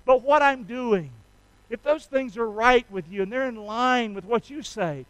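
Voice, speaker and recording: A man's voice: very high-pitched, lively intonation, normal speed, clean tone, no room sound, rough recording. A man preaching a sermon, passionately leading his congregation to repeat prayers after him in call and response. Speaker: pastor.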